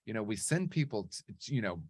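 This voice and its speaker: Man, lowish voice, earnest storyteller, animated, dry close recording. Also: a little fast, breathy edge, dry recording. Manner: earnest, animated, frequent "right?" asides. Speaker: guest speaker on recovery. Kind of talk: reflective conversational storytelling.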